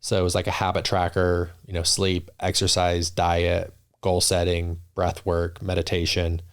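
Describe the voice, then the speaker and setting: A man's voice: sits low, completely flat delivery, moderate pace, clear, resonant tone. A man talking as a podcast guest in casual interview chat, earnest and reflective, often restarting his sentences. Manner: earnest, reflective, many restarts and "you know".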